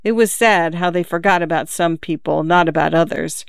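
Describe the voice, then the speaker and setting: Smooth steady audiobook narrator, dry close studio sound. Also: medium pitch, dry recording. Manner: measured, even storytelling.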